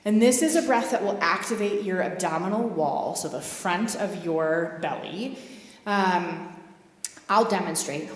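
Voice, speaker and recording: A woman leading a group through yoga poses and breathing exercises, giving calm, gently inviting cues and encouragement. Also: lowish voice, measured pace. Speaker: yoga guide at a spiritual center. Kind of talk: guided movement and breathing instruction. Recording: roomy hall reverb.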